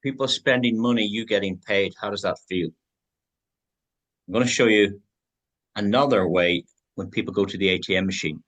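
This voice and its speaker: Upbeat man pitching to viewers. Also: moderate pace, pauses often, a bit bright. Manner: upbeat and persuasive, addresses viewers directly. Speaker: presenter. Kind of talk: online sales presentation.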